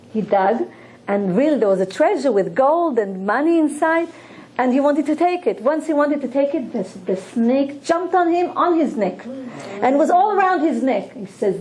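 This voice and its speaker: A woman teaching a Torah lesson, explaining slowly and earnestly with many restarts and repeated words. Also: sits high, animated, a little mellow, rough recording. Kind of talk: religious lesson with storytelling.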